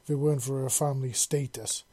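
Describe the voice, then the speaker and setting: A man voicing a gruff, scarred alien warrior judge. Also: mid-range voice, steady tone, fast, warm tone, no room sound, lightly acted. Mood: contemptuous. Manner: cold, threatening pronouncements. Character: massive scarred male alien warrior judge, stern and contemptuous.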